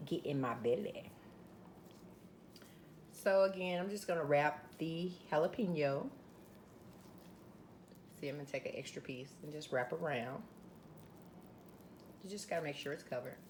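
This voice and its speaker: A cooking channel host with a Southern US accent and a lowish voice makes a casual cooking video, chatting to viewers and calling them "y'all" as she works. There's a little hiss or hum in the recording.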